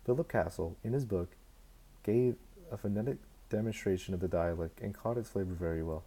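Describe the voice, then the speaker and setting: Man with a very dark, mellow voice. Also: lowish voice, fairly quick, breathy edge, low-quality recording. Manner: unpolished reading with frequent stumbles and restarts. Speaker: amateur audiobook reader. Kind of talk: unscripted-feel fan reading of a novel.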